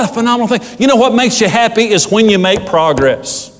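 Male pastor, high voice, fervent sermon, loud highs and hushed lows, long hall reverb. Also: lively intonation, fairly quick, hardly any pauses, some chatter behind. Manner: fervent preaching with big swings from loud highs to low hushed asides.

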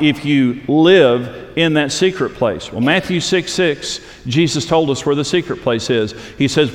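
A man's voice: fairly high pitch, big-room sound. A man preaching a sermon, earnest and repetitive for emphasis, reading scripture aloud to a congregation. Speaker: pastor.

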